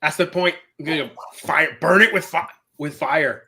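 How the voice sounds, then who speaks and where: Bright-voiced man groaning through hot sauce. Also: on the high side, normal speed, a little hiss or hum. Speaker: co-host. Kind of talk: casual chat.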